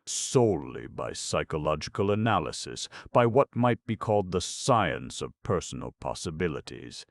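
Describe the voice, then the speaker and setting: A foppish, idle gentleman sleuth, as a man reads him aloud drawls his words without emotion and with an airy, mocking ease. The voice sits very low, with a gravelly edge, in a dry, close recording. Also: big pitch swings, moderate pace, no echo, full character voice. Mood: drawling, amused. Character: languid, foppish gentleman detective, adult man. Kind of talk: audiobook character reading.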